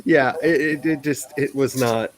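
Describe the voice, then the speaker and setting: A man's voice: mid-range voice, measured pace, low-quality recording. Man, stream host, casual and rambling, laughs at himself a lot, mid-range voice. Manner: rambling, self-deprecating, laughs often. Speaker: author hosting a writing sprint stream. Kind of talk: casual livestream chat.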